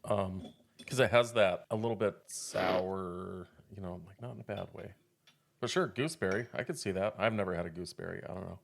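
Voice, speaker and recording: A man's voice: sits low, brisk, creaky, a little hiss or hum. A man co-hosting a casual coffee podcast, laid-back and mumbling asides. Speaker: podcast co-host. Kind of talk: casual chat, coffee tasting.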